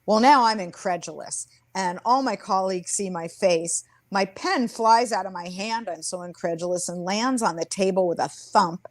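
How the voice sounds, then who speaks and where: A woman's voice: mid-range voice, normal speed, few pauses, no echo. A woman in her sixties speaking earnestly and reflectively as an interview guest, often restarting her sentences. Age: 60s. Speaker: interview guest, former sports team executive. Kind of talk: conversational interview storytelling.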